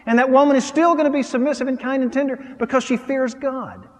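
Guy preaching a sermon, high voice, big echoey church, goes quiet then loud and punchy. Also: steady tone, fast talker. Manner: swings from quiet, low asides to loud, rising emphasis; acts out little scenes.

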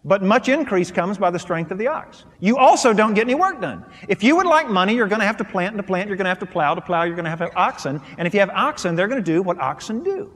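A middle-aged man preaching from the pulpit with a high voice. He tells stories and hammers his points home in short, repeated phrases. The sound rings out with the long reverb of a large church hall. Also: big pitch swings, fast, hardly any pauses, a bit bright. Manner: storytelling, emphatic preaching with punchy repeated phrases. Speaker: pastor. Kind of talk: sermon.

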